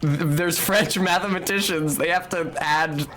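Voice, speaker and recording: Man streaming a game, loose joking banter with chat, crude tongue, a touch high-pitched. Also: a little slow, a bit bright, a little hiss or hum. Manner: rambling, joking and profane, with frequent fillers. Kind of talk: casual live-stream chatter while playing.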